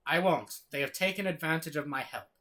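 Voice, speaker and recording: A man's voice: on the high side, brisk, bright, forceful tone, pitched above the performer's own voice. A man reading a proud, stern male king's lines aloud, slightly raised and clipped.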